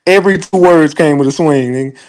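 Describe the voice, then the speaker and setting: A man hosting an online show, giving casual livestream commentary in an animated, profane, laughing storyteller's way. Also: on the high side, normal speed.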